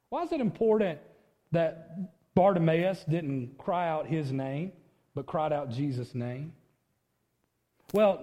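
A male pastor preaching a sermon, with emphatic delivery and sudden high outcries as he acts out a plea. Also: mellow, big-room sound.

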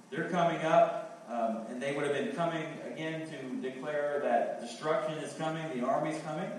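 A man's voice: a little high, a little mellow, slight background noise. Man preaching in a very echoey hall. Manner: earnest, repeats key phrases, thinks aloud with fillers. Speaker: pastor. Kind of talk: sermon. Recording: very echoey hall, heard from a distance.

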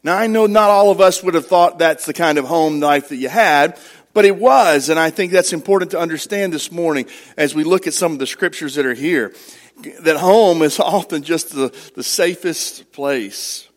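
A man's voice: on the high side, moderate pace. A middle-aged man preaching to his congregation, telling stories and putting questions to them. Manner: conversational storytelling, asks the congregation questions. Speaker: pastor. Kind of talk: sermon.

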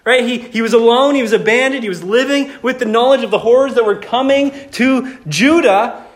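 A man preaching a sermon in an animated, conversational way, joking with the congregation. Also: very high voice, fairly quick. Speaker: pastor.

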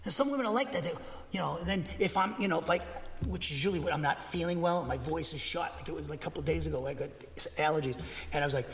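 High-voiced preacher guy, fired up and dogmatic, church echo hanging on everything. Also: fast talker, slight background noise. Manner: emphatic, bangs the pulpit, excitable; dogmatic, speaks with conviction. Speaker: pastor. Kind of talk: sermon. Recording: long hall reverb.

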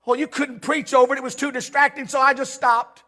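High-voiced, bright impassioned male preacher. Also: flat delivery, brisk. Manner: impassioned preaching, swinging between shouting and hushed storytelling. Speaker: pastor. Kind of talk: sermon. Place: church sanctuary with a live congregation.

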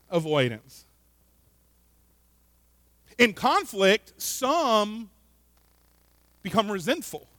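A man delivers a sermon with a high voice, close to the mic in a dry space. He is earnest, often repeats words, and swings between loud emphasis and quiet asides. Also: no echo. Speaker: pastor.

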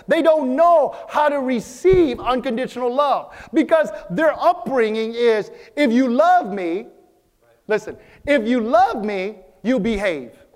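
High-voiced pastor preaching. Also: male voice, expressive, a little mellow. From Vietnam. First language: Vietnamese. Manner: earnest, repeats phrases, slows for emphasis. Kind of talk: sermon. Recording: long hall reverb.

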